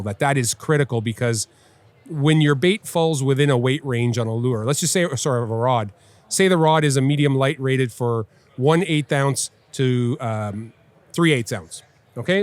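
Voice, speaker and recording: A man, a well-known angler and TV host, talking in a casual live podcast chat with an animated, emphatic, instructive way of telling stories. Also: medium pitch, moderate pace, no room sound. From Canada. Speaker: guest angler and TV personality. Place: busy fishing trade show floor.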